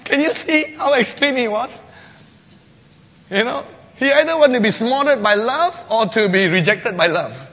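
A man preaching a sermon, telling scripture stories with lively, acted-out quotes. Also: moderate pace. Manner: animated storytelling, acting out quotes with rising pitch and loudness. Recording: dull lo-fi recording with long hall reverb and faint noise.

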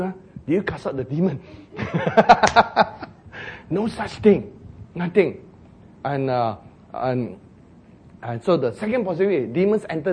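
A man preaching a sermon, telling a story with jokes, acted shouts and laughter. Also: fairly high pitch, a little hiss or hum.

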